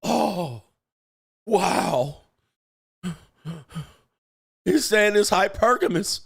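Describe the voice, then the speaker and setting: A gasping, wide-eyed woman reacting with exaggerated mock shock, as a man puts her on. The voice rides higher and louder than his usual talk, with a gravelly edge. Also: expressive, extremely slow, dry recording, clean studio sound, full character voice. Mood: mock amazement.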